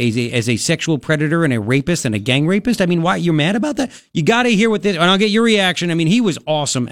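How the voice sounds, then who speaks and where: A man's voice: a little high, vocal fry, no room sound, studio quality. A man hosting talk radio, giving indignant, mocking commentary.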